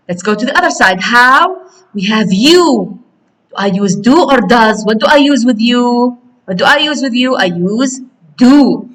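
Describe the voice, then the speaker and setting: Bright slow-talking woman teacher. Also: on the high side, low-quality recording. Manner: slow, clear teacher talk with questions to the class. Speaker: English teacher. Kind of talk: recorded grammar lesson for children.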